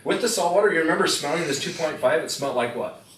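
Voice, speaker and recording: A man's voice: fairly high pitch, expressive, fast talker. A man giving a live product demonstration to an audience, telling stories and quizzing the crowd. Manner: folksy storyteller who quizzes the crowd. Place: indoor room with audience. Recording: echoey room, distant mic, faint noise.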